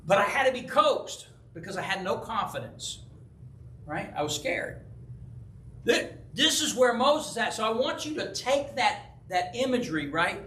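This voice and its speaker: Man, pastor, Bible study, storytelling, keeps asking "right?", high bright voice, echoey church room. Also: moderate pace, a little hiss or hum. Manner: animated storyteller who acts out quoted voices; frequent checking with "right?". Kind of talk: conversational Bible teaching with personal stories. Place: church hall.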